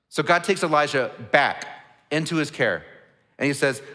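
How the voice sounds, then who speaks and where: A man's voice: mid-range voice, lively intonation, fairly quick, pushed and bright. A man preaching a sermon as a pastor, earnest and conversational, often restarting his words. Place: large church auditorium. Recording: long reverb of a large hall.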